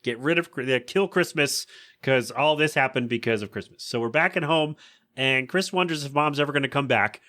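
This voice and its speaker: Man host, casual recap, bright forceful voice, does silly character voices. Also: mid-range voice, moderate pace. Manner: chatty, acts out quoted lines in funny voices. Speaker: podcast host.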